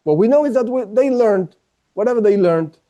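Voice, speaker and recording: A man gives a class in a high, soft, mellow voice. He explains patiently, circling back and rephrasing as he builds his point. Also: animated, normal speed. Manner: explains step by step with frequent restarts and rephrasings. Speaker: teacher. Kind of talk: online class lecture.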